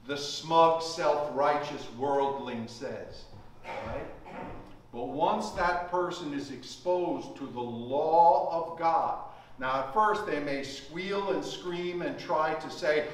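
Preacher guy, high voice, slow and emphatic, big echoey church sound from far off mic. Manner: emphatic, slows to stress key words. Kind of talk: sermon.

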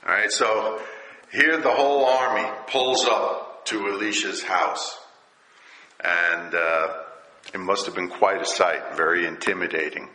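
A man preaches slowly through a scripture passage, pausing on fillers and stretching his phrases. His voice is bright and tense. It rings out in a large, echoing hall. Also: sits low, fairly even intonation. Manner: slow, drawn-out delivery with fillers, raising his voice for quoted characters. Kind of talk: sermon, reading and explaining scripture. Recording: roomy hall with long reverb.

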